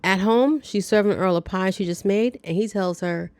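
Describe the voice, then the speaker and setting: A woman's voice: medium pitch, normal speed, a little mellow, smooth, no echo. A woman hosting a casual movie recap, chatty, with playful asides and reactions to the story. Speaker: movie review host.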